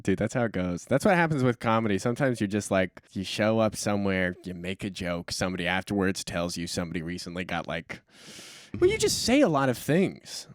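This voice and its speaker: A man's voice: sits low, very animated, fairly quick, no echo, studio quality. A man who is a stand-up comedian, chatting casually as a podcast guest in a rambling, self-deprecating way.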